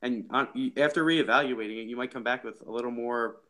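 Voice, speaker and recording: A man's voice: medium pitch, fairly even intonation, quick pace, bright, forceful tone. A young man co-hosting a casual soccer podcast, often restarting his sentences as he thinks aloud. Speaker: podcast co-host.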